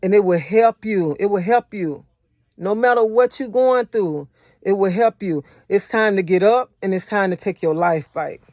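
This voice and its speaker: A woman's voice: mid-range voice, normal speed, a little mellow, no room sound, studio quality. Earnest woman giving a faith talk. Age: adult, married. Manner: repetitive, earnest, conversational preaching; personal testimony in casual vernacular. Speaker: faith encourager.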